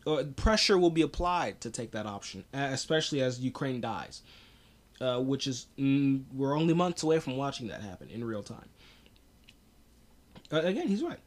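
A podcast host with a medium-pitched voice and lively intonation gives casual political commentary at a moderate pace. He's blunt and profane, laughs often, and restarts a lot.

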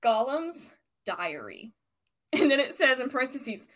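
A woman's voice: sits high, sing-song, slow, a bit bright. A young woman co-hosting a casual podcast, rambling and self-deprecating as she explains a word. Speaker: podcast co-host.

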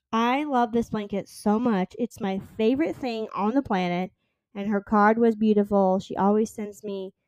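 A woman's voice: mid-range voice, dark tone, smooth, no room sound. A woman in her twenties hosting her own podcast, chatting casually and rambling with lots of fillers. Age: 20s. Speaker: podcast host. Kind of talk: casual solo podcast chat.

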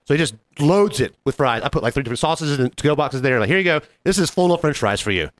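Fast, animated man telling a story. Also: a little high, no echo. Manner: animated, acts out quoted voices; swears freely. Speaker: podcast co-host. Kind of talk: casual storytelling chat.

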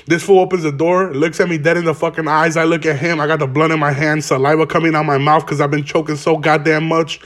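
A young man talks through his solo podcast from home in a loose, rambling way, heavy on profane slang. He is stoned and smoking as he goes, and his voice sits slightly higher than most men's. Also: level tone, fast talker, few pauses, fairly bright tone. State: stoned, smoking while talking. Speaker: podcast host. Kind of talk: casual solo podcast rant. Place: home, garage.

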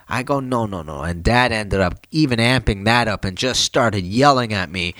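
Tired chatty man, low dry voice. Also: normal speed, few pauses, dry recording. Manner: chatty, slangy, animated when retelling. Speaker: plumber vlogger. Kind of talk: casual vlog talk.

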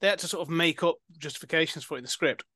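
A man with a fairly high voice chats casually about films, wandering through his points with plenty of fillers and restarts. The recording is close and dry, with no room sound. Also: racing, sharp tone, dry recording. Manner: chatty, rambling with many fillers and restarts. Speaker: podcast host. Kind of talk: casual film-review chat.

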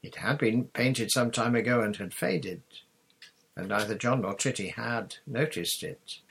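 A man's voice: mid-range voice, a little slow, vocal fry, a bit bright, slightly rough. A man reading a children's adventure story aloud as an audiobook narrator, telling it steadily. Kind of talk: scripted narration.

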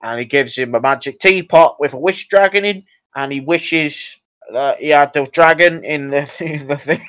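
A young man on a casual podcast, excitedly retelling a film plot in a rambling way. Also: a little high, normal speed, clear, resonant tone. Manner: rambling, excitable storytelling with laughs. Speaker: podcast co-host. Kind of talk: casual chat.

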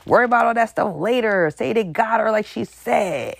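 A vlogger giving casual, rambling and suspicious commentary, with animated asides and laughter mid-sentence. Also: medium pitch, moderate pace, vocal fry, dry recording.

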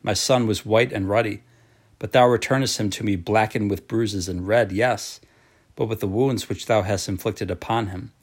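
Low-voiced man reading solemnly. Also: steady tone, moderate pace, husky. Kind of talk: reading a devotional book aloud.

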